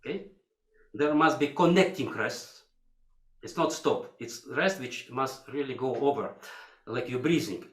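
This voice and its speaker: A man's voice: mid-range voice, a little slow, a bit bright. An older man with a coaching a violinist in a masterclass, singing phrases to demonstrate, in broken English. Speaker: violin teacher. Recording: echoey hall. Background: violin playing.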